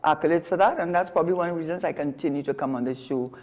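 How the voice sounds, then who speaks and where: A woman's voice: sits low, racing, darkish tone. Trinidadian lady on a talk show, argues her point hard, keeps restarting her sentences. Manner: emphatic, argumentative, frequent self-corrections. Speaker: guest commentator. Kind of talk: political commentary on a talk show.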